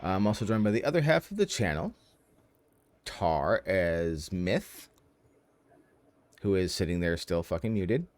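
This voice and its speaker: A man's voice: low-pitched, sing-song, unhurried, pauses often, a little mellow, no echo. A man acting as game master on a casual streamed tabletop session, chatty and rambling, teasing his players, speaking into a headset.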